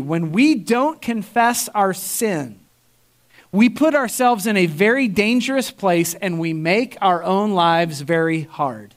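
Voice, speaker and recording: A man preaching a sermon as pastor, telling stories with lively emphasis, repeating words and restarting phrases as he goes. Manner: animated storytelling, voice jumps high for emphasis.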